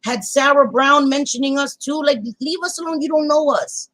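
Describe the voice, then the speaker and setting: A woman's voice: high voice, normal speed, a bit bright, poor audio. A woman hosting a casual livestream chat, talking bluntly and heatedly and swearing freely. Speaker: channel host.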